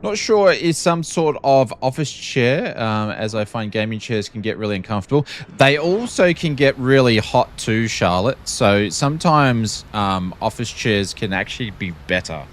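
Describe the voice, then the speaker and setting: A man's voice: medium pitch, expressive, normal speed, few pauses, slight background noise. An Australian man streaming a flight sim, chatting casually with jokey, rambling, self-deprecating asides. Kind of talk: casual live-stream chat.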